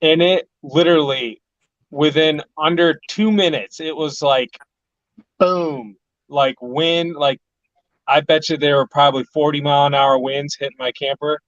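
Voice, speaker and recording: A man with a fairly high voice telling animated stories in casual chat, leaning on "like" as he talks. The audio is very dry and sounds dull. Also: unhurried, dry recording. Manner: animated storytelling, peppered with "like".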